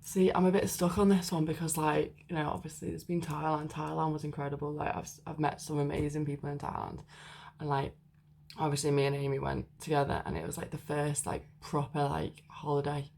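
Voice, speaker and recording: A woman's voice: low-pitched, steady tone, brisk, vocal fry, a little mellow, slight background noise. A young woman chatting casually to camera in a vlog, rambling with lots of fillers. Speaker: vlogger. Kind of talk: casual chat.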